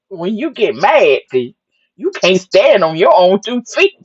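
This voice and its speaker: A woman hosting a wrestling recap show, telling the action in a sassy, lively way with plenty of "honey" asides and acted-out quotes. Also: mid-range voice, unhurried, slightly rough, highs cut off. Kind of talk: excited casual wrestling recap.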